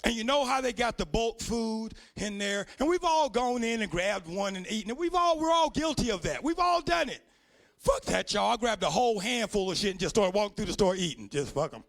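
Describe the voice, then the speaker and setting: A man works a comedy club crowd with a brash, profane storytelling set. His voice sits high and has a gravelly crackle to it. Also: big pitch swings, a little fast, a bit bright. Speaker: stand-up comedian.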